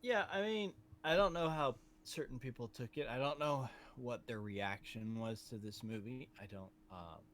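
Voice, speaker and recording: A man co-hosting a podcast, talking casually about a movie in a rambling, animated way that often trails off and restarts. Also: mid-range voice, moderate pace, few pauses, a little hiss or hum. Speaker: podcast co-host.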